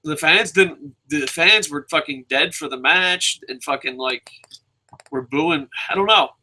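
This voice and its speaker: A man's voice: on the high side, a little slow, sharp tone, slight background noise, poor audio. A man reviewing a wrestling show in a casual, rambling rant, swearing heavily and jumping between thoughts. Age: adult with a son.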